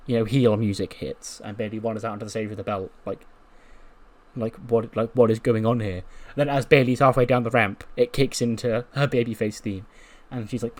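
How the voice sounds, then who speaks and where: A man's voice: lowish voice, fairly even intonation, brisk. Casual male let's-play host, rambling storyteller. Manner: rambling, full of fillers, laughs now and then. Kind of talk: casual narration of a wrestling sim storyline.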